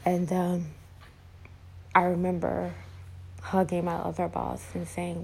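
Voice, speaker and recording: Young woman, personal vlog storytelling, low voice, halting delivery. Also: completely flat delivery, vocal fry, slightly rough, poor audio. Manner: halting, many fillers and restarts. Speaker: vlogger.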